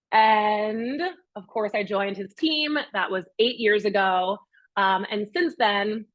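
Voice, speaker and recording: A woman's voice: medium pitch, dry recording, dull audio. A young adult woman, a real estate agent, telling a personal story at a master class and acting out her own past words and other people's. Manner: animated storyteller, quotes herself and others.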